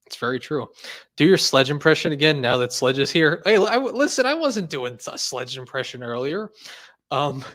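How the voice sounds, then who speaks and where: A man's voice: on the high side, sing-song, normal speed, a bit bright. Rambling, laughing young man on a livestream. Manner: rambling, laughs often, lots of "like" fillers. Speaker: host. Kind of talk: casual livestream chat.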